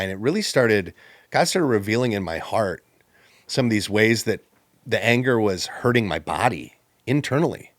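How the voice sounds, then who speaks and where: A man telling a personal story on a podcast, animated and acting out the people he quotes. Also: lowish voice, normal speed, no room sound, studio quality.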